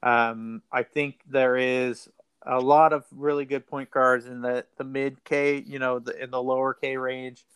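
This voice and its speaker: A man hosts a laid-back fantasy basketball show about sports betting, thinking aloud with rambling repetitions. His medium-pitched voice is smooth and fairly bright, moving little in pitch, with a measured pace and no room sound.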